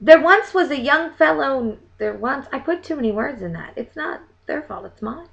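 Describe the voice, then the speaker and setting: A woman's voice: high voice, expressive, normal speed, creaky, fairly bright tone, dull audio. A young woman vlogger in a casual chat, reading limericks aloud in a theatrical sing-song way and dropping to muttered asides between them.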